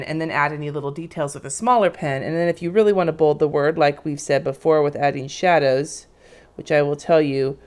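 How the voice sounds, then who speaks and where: A woman's voice: deep voice, darkish tone. A woman in her thirties casually teaching lettering on a live stream, chatty and rambling as she draws and explains. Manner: chatty, rambling, demonstrates while drawing.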